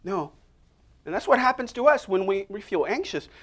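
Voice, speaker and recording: Energetic man preaching a sermon. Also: sits high, moderate pace. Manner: energetic, call-and-response prompts to the congregation.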